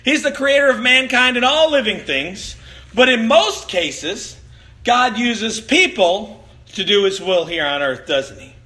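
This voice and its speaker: High, bright-voiced preacher man. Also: expressive, unhurried. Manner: storytelling, playful, acts out quotes with big pitch jumps. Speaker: pastor. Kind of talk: sermon.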